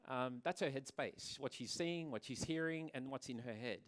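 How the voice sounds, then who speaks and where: A man's voice: medium pitch, moderate pace, clear, resonant tone. Earnest man giving a conference talk. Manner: earnest, repeats words and restarts often. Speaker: salon owner and presenter. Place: conference venue.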